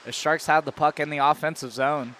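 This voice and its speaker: High bright-voiced hockey play-by-play man. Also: fairly even intonation, a little hiss or hum. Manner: rapid calls that jump to shouts on shots and goals. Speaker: play-by-play commentator.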